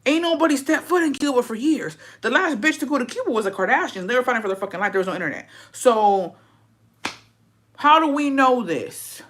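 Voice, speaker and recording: A woman's voice: a little high, animated, brisk, a bit bright. A young woman hosting a casual gossip chat, ranting with plenty of swearing and rhetorical questions. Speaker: host.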